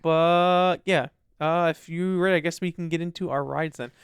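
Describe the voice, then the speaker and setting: A man co-hosting a podcast in casual chat, telling an animated story and acting out what his dog would say. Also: a little high, moderate pace, clean tone, dry recording, clean studio sound. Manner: animated storyteller, acts out his dog's lines. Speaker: podcast co-host.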